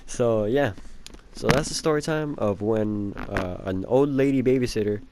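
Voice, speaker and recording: A man's voice: fairly low pitch, slow, vocal fry, background noise. Rambling, profane young man telling a story. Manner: rambling, profane, full of fillers and laughs. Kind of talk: casual storytime vlog.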